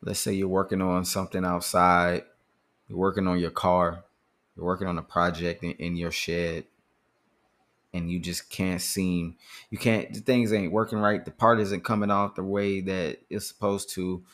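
A man's voice: deep voice, flat delivery, moderate pace, a bit bright. A man hosting a podcast, talking earnestly and casually about handling anger, often repeating words as he thinks. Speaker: podcast host. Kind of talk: casual motivational talk.

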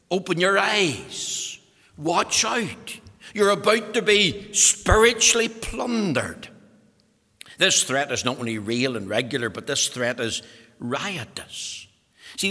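Emphatic preacher, bright voice. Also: male voice, on the high side, big-room sound. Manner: emphatic, building to forceful exhortation. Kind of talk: sermon.

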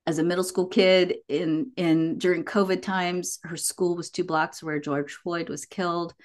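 A woman guest on a podcast interview, telling stories in an animated way, laughing and quoting herself. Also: on the low side, a little slow. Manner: animated storytelling with laughs and quoted asides. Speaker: guest, human design teacher.

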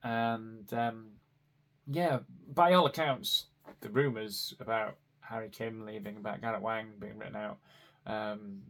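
A man's voice: on the low side, steady tone, measured pace, fairly bright tone. A man hosting a personal podcast, rambling and chatty, correcting himself as he goes. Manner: rambling, chatty, with frequent ums and self-corrections. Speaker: podcast host. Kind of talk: casual personal podcast monologue.

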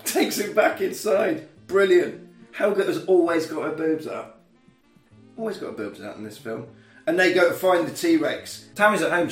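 High-voiced man recapping a film. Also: recorded from a distance. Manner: animated retelling, acting out characters' lines with laughs. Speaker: podcast co-host recapping a film. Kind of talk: casual chat. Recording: echoey room, off mic, faint music.

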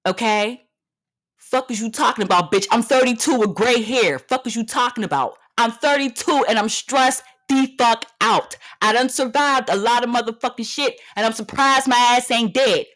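A woman's voice: on the high side, normal speed, a bit bright. A woman in her thirties rants like a podcast host and talks straight into the mic. She is brash and confrontational. She swears freely and repeats short lines over and over for punch. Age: 30s. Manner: blunt and confrontational. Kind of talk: comedic rant monologue.

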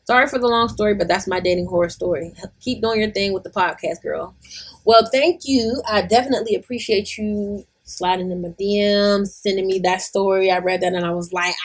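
Husky-voiced woman podcast host. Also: medium pitch, normal speed. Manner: blunt, frank, swears freely. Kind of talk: casual chat, reading a listener story. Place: lives in Atlanta.

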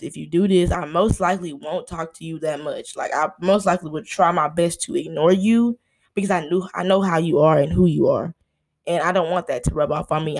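A young woman hosting a casual solo podcast, ranting in an animated, exasperated way and calling her listeners "y'all" and "honey.". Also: fairly low pitch. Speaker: podcast host.

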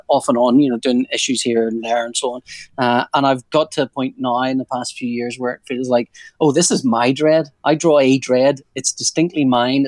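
This comic artist, a man in his forties, has a mid-range voice on a dry recording. Talking casually in an interview, he rambles, interrupts himself to restart sentences, and shows a joking streak.

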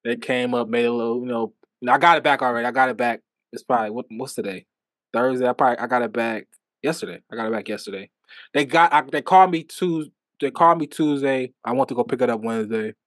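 A man co-hosting a casual chat podcast, telling stories in an animated way and laughing often. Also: medium pitch, fast, no echo. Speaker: podcast co-host.

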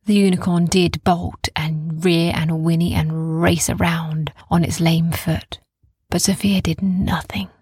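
A woman narrating a bedtime story in a soft, calm, gentle way, often sinking into a whisper, in a dry, close recording. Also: lowish voice, husky, no room sound. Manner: slow, calm, gentle, repeating soothing phrases.

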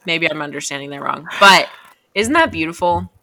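Young woman, casual chat, sarcastic, mock-gushing, forceful bright tone, dry close sound. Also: low voice, expressive, a little fast, no echo. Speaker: co-host reading a novel aloud. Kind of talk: casual chat with dramatic reading.

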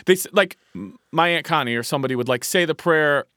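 Co-hosting a podcast, a man chats casually in a fairly high, fairly bright voice, talking fast. He rambles along, using lots of fillers and frequently starting over.

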